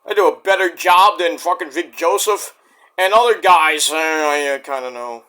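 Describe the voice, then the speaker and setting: A man ranting casually as a wrestling vlogger, rambling and animated, breaking into sudden shouts. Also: fairly high pitch, normal speed.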